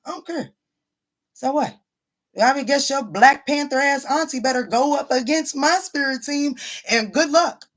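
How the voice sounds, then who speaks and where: A woman's voice: high voice, moderate pace, a bit bright. Woman tarot reader, live-stream chat, frank and profane, leans on "baby" and "honey", hammers points home by repeating them. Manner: blunt, profane, calls listeners baby and honey; emphatic, repeats lines for stress. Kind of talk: casual live-stream reading, answering viewers.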